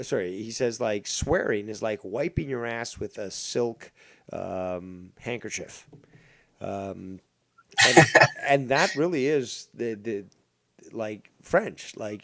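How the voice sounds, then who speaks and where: A man's voice: on the low side, a bit bright, a little hiss or hum. A man hosting a casual podcast, ranting and rambling with heavy swearing. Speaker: podcast host. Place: living in Canada.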